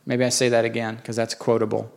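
A middle-aged man preaching a sermon as pastor, telling stories in a folksy way with animated bursts when quoting others. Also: medium pitch, fast talker, vocal fry.

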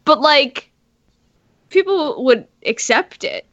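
Bright, slow-talking woman co-host, animated, dry sound. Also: high-pitched, no echo, lo-fi sound. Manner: animated storyteller, frequent "like". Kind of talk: casual chat.

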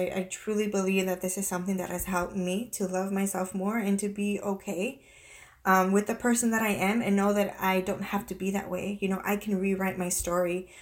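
A woman in her thirties talking to her viewers in a personal confessional vlog, halting and close to tears, with many restarts and fillers. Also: medium pitch. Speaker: vlogger.

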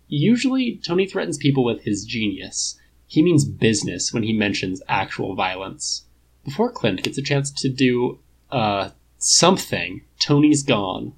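A man's voice: medium pitch, expressive, unhurried, slightly rough, rough recording. A man narrating a fan-fiction story in a casual, wry reading style. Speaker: podfic reader.

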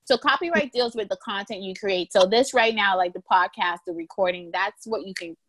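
A woman lawyer as a podcast guest, telling stories in a lively, casual way and acting out quoted voices. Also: mid-range voice, brisk, dry recording. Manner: animated storyteller, acts out quoted voices with laughter. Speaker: guest, intellectual property lawyer.

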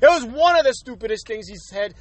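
A man's voice: very high-pitched, animated, fairly quick, no echo. A young man hosting his own podcast, ranting in a profane, exasperated way and repeating himself a lot. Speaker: podcast host. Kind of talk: solo rant podcast.

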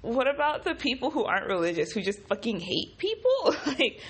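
A groggy young woman who just woke up, talking in a casual vlog with profane, animated, exasperated ranting. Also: a little high, moderate pace, few pauses, husky. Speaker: vlogger.

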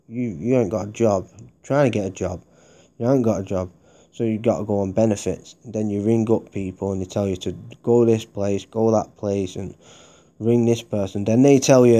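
A man's voice: on the low side, dark tone. A man hosting a podcast, delivering an angry, profanity-heavy rant that repeats itself as it builds. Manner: heavy swearing, heated and repetitive. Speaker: podcast host. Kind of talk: angry ranting monologue.

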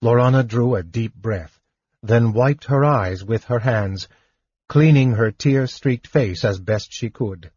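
A man narrating a fantasy audiobook in a measured, even storytelling manner. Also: medium pitch, slightly rough, no room sound, muffled recording.

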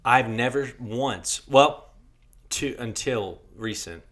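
A young man from Virginia, telling a rambling, foul-mouthed story on a podcast. His voice is bright and forward, and it sits at an ordinary middle pitch for a man. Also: takes it slowly. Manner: swears freely, rambling with restarts. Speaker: podcast co-host. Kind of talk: casual storytelling chat.

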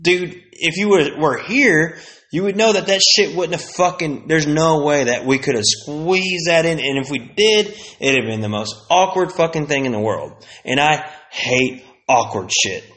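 A man's voice: fairly high pitch, lively intonation, a little slow, a bit bright. A man hosting a solo podcast, venting bluntly in a casual, profanity-heavy rant that circles back on itself. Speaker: podcast host.

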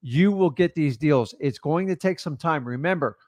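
A blunt, confident man with a slightly high voice talks through how to negotiate with sellers. His voice is close and dry, with no room sound. He speaks like a coach who has done plenty of deals. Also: normal speed, a little mellow, dry recording. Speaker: real estate wholesaling coach. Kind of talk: casual coaching talk.

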